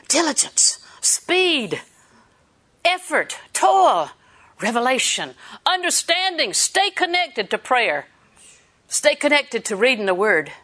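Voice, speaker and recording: A woman's voice: sits high, slow pace, pauses often. A woman preaching a sermon, telling stories and laughing as she exhorts. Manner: storytelling, animated, laughs while preaching.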